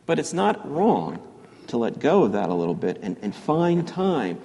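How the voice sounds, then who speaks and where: A man delivering a homily as a priest, talking in a halting way with many repeated words and reading a quote slowly. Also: medium pitch, big pitch swings, creaky, mellow, long reverb tail.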